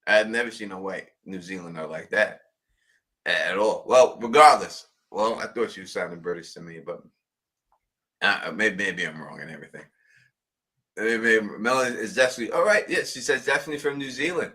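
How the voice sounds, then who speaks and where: A man co-hosting a casual livestream, excitable and prone to stumbling restarts while reading comments. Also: on the low side, a little fast. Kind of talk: casual call-in livestream chat.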